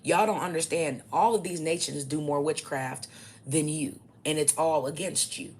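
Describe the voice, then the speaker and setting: Low-voiced woman ranting bluntly. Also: moderate pace, a little mellow, a little hiss or hum. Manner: blunt, profane, combative preaching. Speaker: self-styled spiritual teacher. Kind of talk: ranting monologue to camera.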